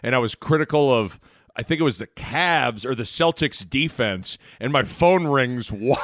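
A man in his thirties tells stories on a podcast with an animated, laughing delivery. His mid-pitched voice swings widely up and down. The recording is dry and close. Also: normal speed, no echo. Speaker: podcast co-host. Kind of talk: casual storytelling chat.

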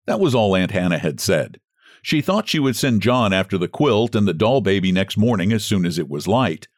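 Man reading a storybook aloud, animated. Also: on the low side, normal speed, no room sound, studio quality. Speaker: narrator.

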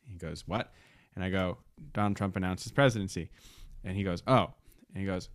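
A man co-hosting a podcast, telling a story in casual chat, getting animated and laughing as he goes. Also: fairly quick, dry recording, clean studio sound. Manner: animated storyteller, laughs and rises in pitch when excited. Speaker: podcast co-host. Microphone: studio microphone.

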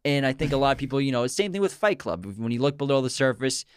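A man's voice: mid-range voice, animated, fast, clear, resonant tone, no echo. Guy cohosting a movie podcast, laughs a lot, dry close sound. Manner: laughs often, quotes movie lines. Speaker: podcast co-host. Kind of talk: casual chat about films.

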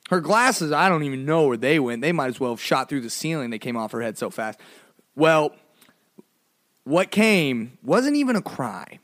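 At a moderate pace, a man hosting a podcast spins a funny tale from his childhood, filling it with "like" and playful asides. The recording is dry and studio quality, and he's animated, shifting between mumbled lows and exclaimed highs.

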